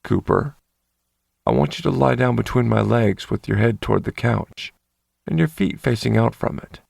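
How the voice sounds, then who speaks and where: A man doing a calm, commanding dom lover. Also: gravelly, dry recording, clean studio sound. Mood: calm, coaxing. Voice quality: low, sexy, soothing. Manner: gentle authority, unhurried.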